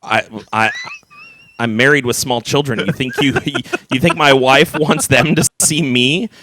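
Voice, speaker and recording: A man in his thirties co-hosting a podcast, chatty and quick to laugh. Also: mid-range voice, slight background noise. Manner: chatty, laughs often, lively. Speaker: podcast co-host. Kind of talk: casual chat. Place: California, US.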